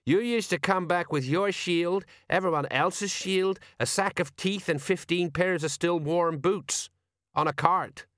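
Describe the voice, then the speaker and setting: A man voicing a nervous, rambling middle-aged sergeant who talks in a folksy, drawn-out way. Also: high-pitched, fairly bright tone, no room sound, clean studio sound, voice pushed up.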